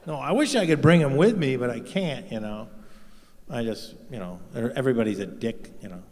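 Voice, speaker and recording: A male stand-up comedian rambles through a crude set in an average-pitched voice, leaning on "you know" between lines. He is heard on a handheld mic in a live show with a long, hanging reverb. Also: lively intonation, fairly quick, a little mellow. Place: live stage show in a large venue. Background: audience laughter.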